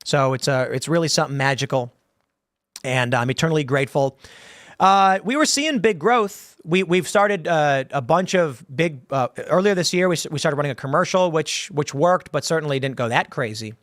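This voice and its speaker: Male host, raised pitch, dry close sound, rambling commentary with acted quotes. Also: expressive, moderate pace, fairly bright tone, no room sound. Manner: rambling, conversational, with many restarts and acted-out quotes. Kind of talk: casual commentary reading viewer questions.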